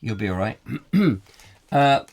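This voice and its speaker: A man with a sore, croaky throat, co-hosting a comic live chat show, rambling playfully as he reads out viewer comments. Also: on the low side, sing-song, slow, darkish tone. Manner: rambling, playful and absent-minded. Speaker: co-host. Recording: live stream with clear background noise.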